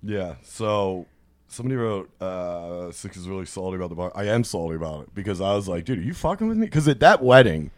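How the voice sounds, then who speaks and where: Male podcast host, lowish voice, dry close mic, swearing storyteller who acts out the people he quotes. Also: fairly quick, dry recording. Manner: profane, animated anecdote-telling, acts out quoted people. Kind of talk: casual storytelling chat.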